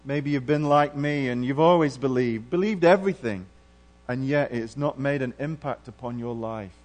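A middle-aged man preaching a sermon earnestly, moving between hushed and emphatic passages. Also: medium pitch, moderate pace. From England.

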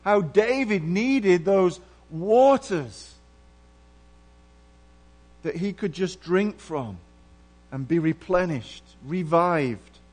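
A middle-aged man preaching a sermon earnestly, moving between hushed and emphatic passages. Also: high voice, lively intonation, very slow, pauses often. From England.

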